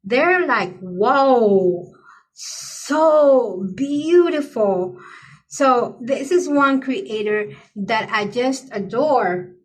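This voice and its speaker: A woman's voice: on the high side, animated, very slow. A middle-aged woman chatting casually to her viewers, gushing with effusive praise for other creators. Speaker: coloring channel creator. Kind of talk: casual chat to camera.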